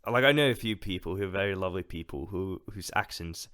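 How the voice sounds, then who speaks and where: A man's voice: low-pitched, lively intonation, fast, fairly bright tone, smooth, dry recording, studio quality. A man co-hosting a podcast in a casual film discussion. He speaks hesitantly, with many fillers and restarts. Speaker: podcast co-host.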